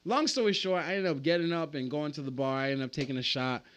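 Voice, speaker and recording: Bright-voiced man telling a story. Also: mid-range voice, fast talker, smooth. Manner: profane, acts out voices in the story. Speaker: podcast guest. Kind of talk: animated storytelling.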